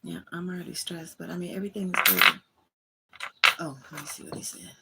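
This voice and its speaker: A woman's voice: on the low side, fairly quick, vocal fry, heavy background noise. A woman hosting her own livestream, speaking, candidly venting and talking straight to her chat from a small room at home. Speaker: livestream host.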